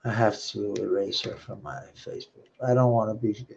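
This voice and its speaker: A man's voice: on the low side, steady tone, normal speed, gravelly, darkish tone, a little hiss or hum. A man rambling through a profane personal monologue, swearing often and laughing between thoughts. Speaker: vlogger. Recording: dull lo-fi recording.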